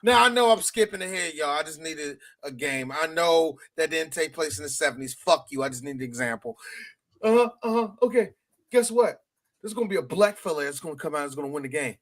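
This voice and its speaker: A man co-hosting a live podcast, an animated, profane storyteller who acts out scenes as he goes. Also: a little high, fairly quick. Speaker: podcast co-host. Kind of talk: live podcast chat about a film.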